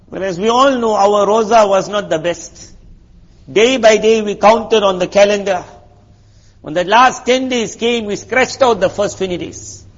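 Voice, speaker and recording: Husky high-voiced man preaching a sermon. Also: long reverb tail. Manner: storytelling, conversational, rhetorical questions. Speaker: Islamic preacher. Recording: muffled lo-fi recording.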